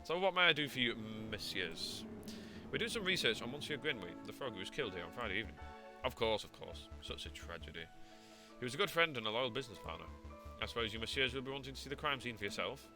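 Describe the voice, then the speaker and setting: A man's voice: medium pitch, big pitch swings, fast, over music. A man voicing a smug, wealthy baron who talks in a polished, gossipy and courteous way. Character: smug wealthy middle-aged male baron.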